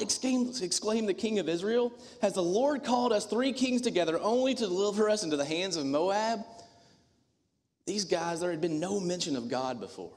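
A man preaching a sermon as the church's minister, earnest and emphatic, with dramatic pauses. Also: sits high, expressive, darkish tone. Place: church sanctuary. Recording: long hall reverb.

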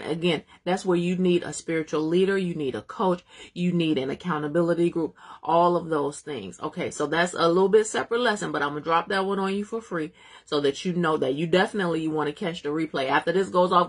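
A woman's voice: low-pitched, husky. A woman teaching a live-streamed Bible study, exhorting her viewers, calling out to them by name, speaking.

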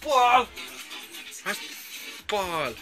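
Giggly woman, unhurried, baby-talks dogs, bright tone. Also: medium pitch, sing-song, soft background music. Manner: giggly, teasing, coos at the dogs in baby talk. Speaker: person filming a friend and pet dogs. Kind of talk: casual home video chat.

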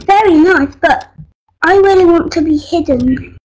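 A young child playing a sandbox game, whining, shouting and pleading to be left alone. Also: female voice, very high-pitched, measured pace, poor audio. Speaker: game player. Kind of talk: excited game chatter.

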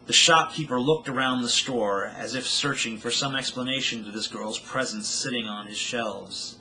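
A man's voice: medium pitch, moderate pace, few pauses, sharp tone, a little hiss or hum, rough recording. A man reading his own novel aloud with dramatic storytelling narration.

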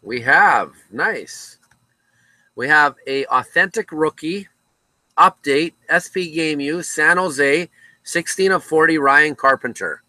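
A man's voice: a little high, takes it slowly, sharp tone, dry recording, poor audio. Chatty man hosting a card break. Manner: casual, chatty, talks to viewers by name. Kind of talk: casual live-stream card break. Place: card shop.

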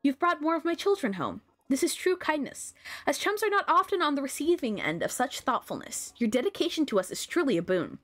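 Woman voicing a gentle motherly creature queen. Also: high-pitched, sing-song, fairly quick, voice pushed up. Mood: gracious. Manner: soft, formal and motherly. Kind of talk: reading game dialogue aloud.

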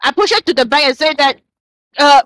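Hesitant high-voiced woman player. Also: expressive, fast, a bit bright, no echo, rough recording. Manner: hesitant, many "uh"s and "it's like". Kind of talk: casual tabletop role-play.

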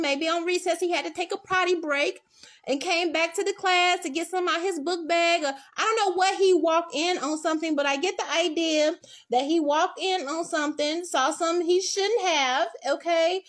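High-voiced blunt woman reading tarot. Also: normal speed. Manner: blunt, profane, animated storytelling with acted-out quotes. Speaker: tarot reader. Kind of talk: casual tarot reading commentary.

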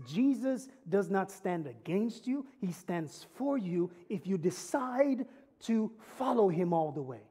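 This male pastor has a high-pitched, husky voice with a dark tone. His sermon is earnest and conversational, with lightly humorous stories that rise to emphatic peaks.

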